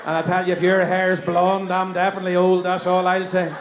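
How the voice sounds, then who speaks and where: A man's voice: high-pitched, completely flat delivery, brisk. A middle-aged man with a Northern Irish accent compering a live show, cracking cheeky jokes and bantering with the audience. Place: stage in a hall before a live audience. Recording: echoey hall, faint crowd and noise.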